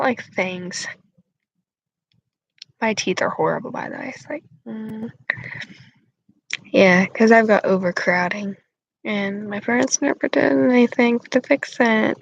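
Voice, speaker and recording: A woman's voice: a little high, vocal fry, no room sound, dull audio. Giggly young woman chatting casually. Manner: giggly, lots of "like" fillers. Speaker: channel host chatting with viewers. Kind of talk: casual rambling chat.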